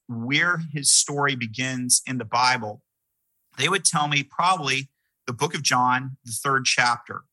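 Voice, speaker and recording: A man's voice: mid-range voice, pushed and bright, dry recording, poor audio. A middle-aged man, a pastor, preaching a sermon in an earnest, conversational way with many fillers and restarts. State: sick with a mild cough.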